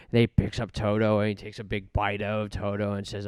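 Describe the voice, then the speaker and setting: A man's voice: on the low side, flat delivery, a little fast, hardly any pauses, darkish tone, clear, resonant tone, no echo, studio quality. A man hosting a solo podcast, rambling through jokes and self-mocking asides. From Canada. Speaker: podcast host.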